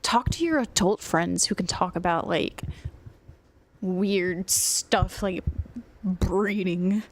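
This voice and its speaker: A woman giving commentary on an online apology, blunt and openly sarcastic, cursing freely. Between jabs she slows into calm, measured reasoning. Her voice sits a little low. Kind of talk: commentary reacting to a written apology.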